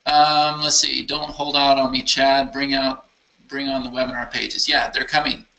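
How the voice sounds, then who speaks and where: Bright, upbeat man hosting a live Q&A. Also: mid-range voice, flat delivery, moderate pace, vocal fry, low-quality recording. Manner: enthusiastic, rambling, thinks aloud while clicking around. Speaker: software company founder answering user questions. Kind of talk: casual live Q&A with screen demo.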